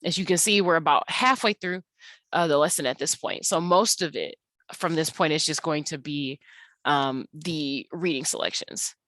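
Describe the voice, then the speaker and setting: Young adult woman, teacher narrating a slide lesson; low pitch, dry close-up sound, relaxed and filler-heavy. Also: no room sound. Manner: unhurried, many ums and uhs. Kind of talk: recorded slide lesson walkthrough.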